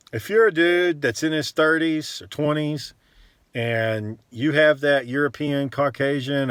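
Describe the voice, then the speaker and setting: A blunt man rants on camera, cursing freely and wandering through his points with plenty of ums and uhs. His voice is bright and forward, and the recording is dry and close, with no room sound. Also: mid-range voice, no echo. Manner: blunt, profane, rambling with frequent fillers. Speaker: vlogger. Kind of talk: casual rant to camera.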